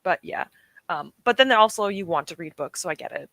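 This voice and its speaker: Bright, chatty young woman streamer. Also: lowish voice, expressive, a little fast, no room sound. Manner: chatty, encouraging, often laughing. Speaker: streamer hosting reading sprints. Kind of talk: casual chat to live chat. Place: at home at her desk.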